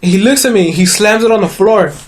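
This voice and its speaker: High-voiced young man telling a story. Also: a little fast. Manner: swearing, laughing storyteller. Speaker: podcast co-host. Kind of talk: casual chat.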